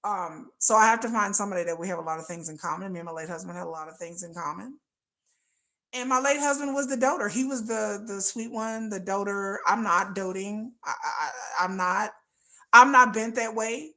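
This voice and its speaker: A woman's voice: medium pitch, fairly quick, pushed and bright. A woman hosting a casual livestream, talking candidly and bluntly and laughing often. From United States. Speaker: livestream host.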